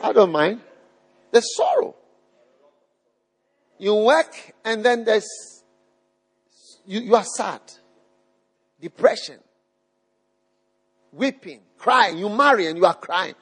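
Preaching live to a congregation in a church hall, a man speaks slowly with long pauses, his high, husky voice swinging widely in pitch. He is emphatic, repeats phrases and questions the crowd, with long hall reverb behind him.

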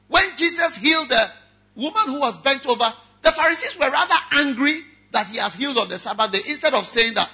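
A man preaching a sermon as pastor, moving from quiet talk to shouting, and mocking critics in whiny voices. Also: extremely high pitch, lively intonation, normal speed, breathy edge. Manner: mocks objectors in whiny voices. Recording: dull lo-fi sound.

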